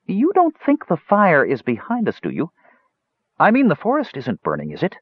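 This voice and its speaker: Man putting on a jittery high-voiced dwarf. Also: huge pitch swings, normal speed, breathy edge, no room sound, exaggerated voice. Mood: panicky. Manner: fretful, blustering, high-pitched when scared. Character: panicky fidgeting male dwarf juggler. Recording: dull dry lo-fi recording.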